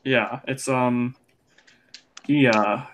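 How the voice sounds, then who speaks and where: A young man in casual podcast conversation, riffing on wrestling storylines. His delivery is loose and rambling, with filler words and animated outbursts when he gets worked up. His voice sits at an ordinary male pitch. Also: extremely slow, a little hiss or hum. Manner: chatty, rambling, animated opinions with lots of fillers. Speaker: podcast co-host.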